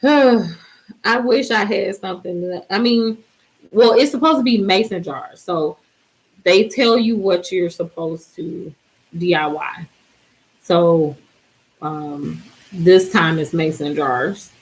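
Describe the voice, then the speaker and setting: A worn-out woman talks to her viewers in a loose, rambling way, trailing off and restarting her thoughts. Her voice sits a little low and sounds sleepy. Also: slow pace, pauses often, rough recording. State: exhausted, yawning. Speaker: DIY vlogger. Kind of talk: casual chat.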